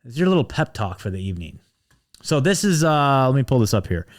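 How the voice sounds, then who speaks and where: A man at a middle pitch hosts his own podcast, talking in a fired-up, passionate rush. He swears freely and stumbles through restarts and fillers. He pushes his listeners like he is giving them a pep talk. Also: big pitch swings, brisk. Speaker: podcast host. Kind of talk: animated monologue, pep talk.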